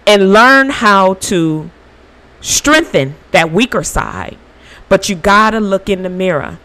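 A woman hosts her own podcast, sharing an earnest spiritual reflection. Her voice swings widely in pitch, moving from quiet, slowed phrases to animated bursts. She speaks informally and encourages her listeners through faith. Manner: earnest, emotional, with bursts of laughter. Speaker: podcast host.

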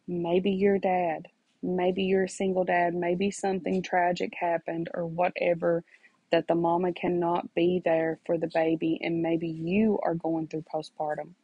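Here a mother tells her story and urges listeners toward faith, speaking right to them and circling back to key phrases. Her voice sits on the low side, slightly rough, with a flat, unhurried delivery. The recording is dry and muffled.

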